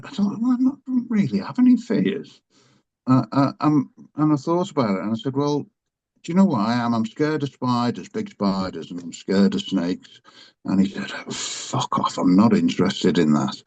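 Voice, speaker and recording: A man, a guest in a frank conversation, talking haltingly with many fillers and restarts, laughing easily and swearing now and then. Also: deep voice, darkish tone. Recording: slightly dull lo-fi sound.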